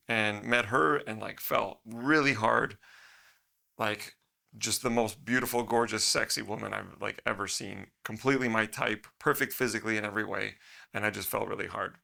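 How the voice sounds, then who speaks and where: A middle-aged man, a guest on a podcast, tells a story in a casual, rambling way at a moderate pace. His fairly low voice has vocal fry, he laughs often, and he gets animated when quoting people.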